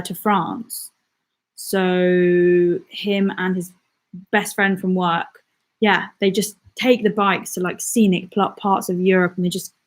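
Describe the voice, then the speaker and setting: Chatty woman hosting a live chat. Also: mid-range voice. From England, the Midlands. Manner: chatty and rambling, lots of fillers, quick laughs. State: out of breath. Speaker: channel host. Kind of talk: casual live-stream chat reading viewer comments.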